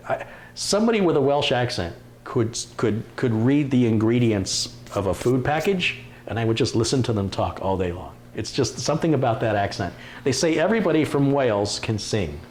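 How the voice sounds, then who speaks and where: A man at a middle pitch, chatting through a live stream as he reads viewer messages aloud and tosses off quick jokes. A faint hiss of room noise sits under his voice. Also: lively intonation. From Detroit, USA. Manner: chatty, reads out comments with quick asides and laughs. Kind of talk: casual live stream chat reading viewer comments. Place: home computer workshop.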